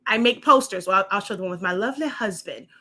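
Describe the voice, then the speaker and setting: Bright-voiced chatty woman demonstrating crafts. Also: medium pitch, fast talker. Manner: chatty, rambling with restarts. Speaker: crafting show host. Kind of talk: casual demonstration walkthrough.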